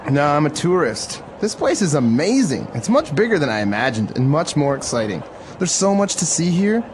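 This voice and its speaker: A man playing a friendly male tourist in a scripted dialogue, speaking in a relaxed, conversational way. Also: fairly high pitch, moderate pace. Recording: dialogue with street and vehicle noise behind.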